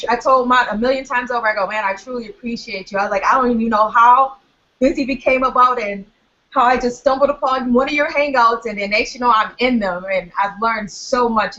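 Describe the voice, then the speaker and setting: A woman from Minnesota with a high, bright, sharp voice, chatting casually and telling animated stories. Her sound comes through a dull, lo-fi video call. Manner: lively, laughing storyteller. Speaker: singer. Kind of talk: casual chat. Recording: dull lo-fi online call audio.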